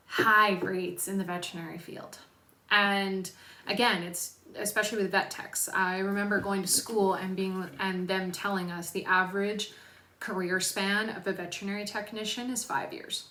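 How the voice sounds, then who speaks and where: A woman's voice: medium pitch, level tone, moderate pace, bright, forceful tone. A young adult woman, a personal trainer, talking candidly and casually to camera, swearing freely and using lots of fillers. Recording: echoey room.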